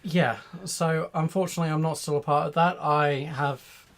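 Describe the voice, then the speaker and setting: A man chatting casually over drinks as a guest, jokey and quick to laugh. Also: on the high side, steady tone. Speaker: mead maker, guest.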